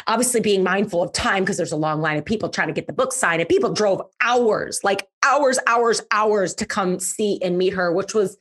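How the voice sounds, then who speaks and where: A woman's voice: mid-range voice, moderate pace, few pauses. A woman podcast host telling a personal story in a casual, chatty way, stressing words by repeating them. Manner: lively, emphatic, repeats words for effect; chatty, with fillers.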